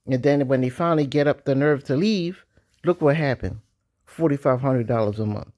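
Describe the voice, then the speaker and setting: A man giving casual, animated commentary with slang, often jumping into mocking voices. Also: normal speed. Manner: animated, slangy, jumps into high-pitched mock voices. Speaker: vlogger.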